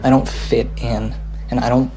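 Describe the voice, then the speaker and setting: An actor playing a quirky, defiant teenage boy stuck in hospital with a lung illness, speaking in a flat, self-mocking way. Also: medium pitch, normal speed, soft background music, natural voice, rough recording.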